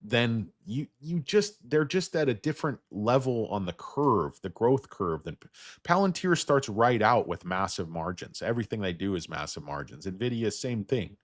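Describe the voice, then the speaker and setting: A man with a hoarse voice from getting sick, hosting a casual livestream about stocks. He rambles, jokes crudely and talks to his viewers. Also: on the low side, animated, moderate pace, dry recording, clean studio sound. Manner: rambling, crude, joking asides. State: losing his voice, feeling sick. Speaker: stock market livestream host.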